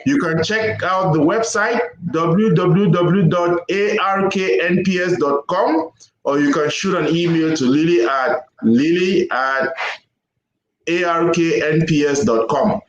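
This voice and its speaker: A man's voice: fairly high pitch, a little slow, roomy sound, dull audio, crowd noise. A man hosting an interview show, speaking in an encouraging, announcer-like way. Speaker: show host.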